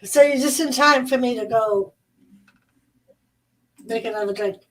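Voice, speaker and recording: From her room at home, a woman hosts a casual livestream, telling stories in a loose, unhurried, profane way. Her voice sits on the high side, and the recording quality is low.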